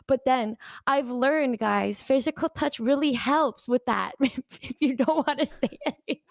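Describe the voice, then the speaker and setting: High-voiced young woman chatting. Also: gravelly, no echo, clean studio sound. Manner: laughs often, halting restarts. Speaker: streamer. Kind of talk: casual chat.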